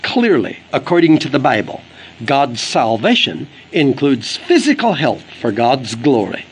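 A man's voice: medium pitch, wildly swooping pitch, unhurried, slightly rough, poor audio. A man delivering an earnest, emphatic sermon for an audio book, quoting scripture as he preaches. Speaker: evangelist preacher.

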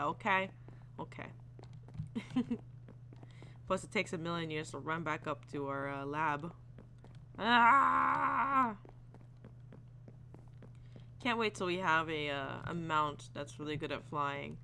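Deep, bright and forceful, this let's player's voice carries casual commentary as she plays, giggling, chatting to the animals and putting on silly voices. A little hiss or hum is audible.

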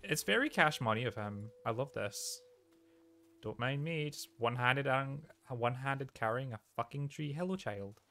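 A young man streaming a video game, giving animated, joking commentary and swearing freely. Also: mid-range voice, normal speed, soft background music. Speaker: let's play streamer. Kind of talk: casual gaming commentary.

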